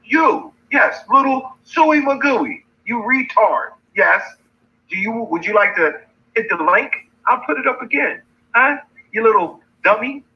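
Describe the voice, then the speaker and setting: A livestream host with a high-pitched, pushed, bright voice mocks and challenges his critics in a taunting rant, repeating his insults. The stream audio is dull and lo-fi.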